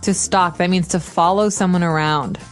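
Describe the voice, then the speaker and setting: Female co-host, patient teacher, lower pitch, soft music bed. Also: steady tone, moderate pace. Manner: patient, explains with examples, laughs easily. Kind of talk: explaining vocabulary.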